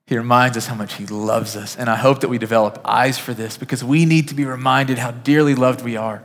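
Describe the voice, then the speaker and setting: Male pastor, mid-range voice, earnest sermon delivery with soft drops, long reverb of a church hall. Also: medium pitch, steady tone, fairly quick. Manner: earnest, names listeners, rises to emphatic peaks then drops soft. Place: church sanctuary.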